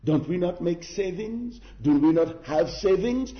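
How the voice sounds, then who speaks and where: Slow earnest preacher in echoey church. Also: male voice, high voice, lively intonation, highs cut off. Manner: earnest exhorting preacher, rhetorical questions, emphatic repetition. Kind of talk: sermon.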